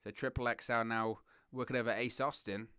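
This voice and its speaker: A young man from southern England with a southern English accent, hosting a wrestling watch-along with excitable play-by-play commentary. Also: mid-range voice, a little fast, smooth, no echo, studio quality. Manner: excitable play-by-play, giggles at puns, reads chat.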